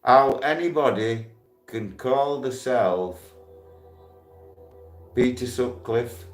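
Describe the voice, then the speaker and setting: A man in his sixties talking casually on a live stream, giving shout-outs and speaking bluntly and heatedly, with free swearing. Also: mid-range voice, slow pace, soft background music. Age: 60s.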